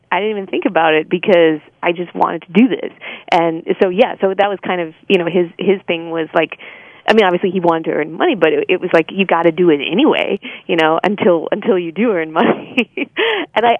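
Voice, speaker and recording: A woman's voice: on the low side, no echo, phone-quality sound. An American woman being interviewed, a singer and voice-over artist, talking casually with lots of fillers and laughing often.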